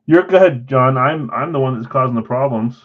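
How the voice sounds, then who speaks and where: A man's voice: mid-range voice, lively intonation, moderate pace. Chatty self-mocking man, lo-fi stream. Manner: self-deprecating, chatty, talks to chat viewers. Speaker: live card break host. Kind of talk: casual live-stream chat. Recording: slightly dull lo-fi stream audio.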